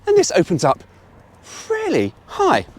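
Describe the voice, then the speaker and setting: Lively, animated man reviewing a car. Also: high voice, measured pace. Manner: chatty, blunt and opinionated, with mild swearing.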